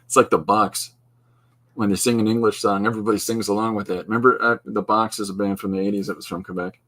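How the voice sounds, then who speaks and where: This podcast host and artist is a middle-aged man from Canada who talks fast in a level, fairly bright voice on the low side. He rambles casually as he draws, drifting between ideas and restarting again and again.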